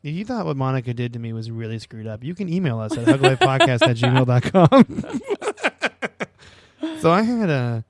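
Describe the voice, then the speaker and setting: A man's voice: medium pitch, normal speed, dry recording, studio quality. A young adult man co-hosting a podcast, telling stories in casual chat with lots of cursing and animation. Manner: profane, animated storytelling. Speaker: podcast co-host.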